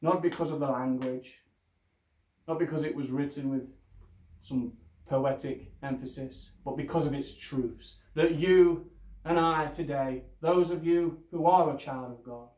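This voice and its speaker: Slow, deliberate preaching man, echoey. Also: a little high, steady tone, a little mellow. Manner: slow, deliberate exhortation with rhetorical questions. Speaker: pastor. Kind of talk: sermon.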